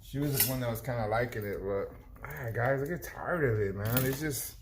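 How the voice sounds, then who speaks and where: A man's voice: mid-range voice, normal speed, background noise. A man in his fifties, a barber hosting his own vlog, telling a shop story in a rambling, casual way and acting out his client's lines. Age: 50s.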